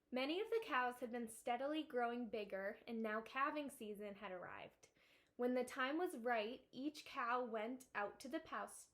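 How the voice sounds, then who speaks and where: A woman teacher reading a children's novel aloud in a steady, expressive way. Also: on the high side. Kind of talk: children's book read-aloud.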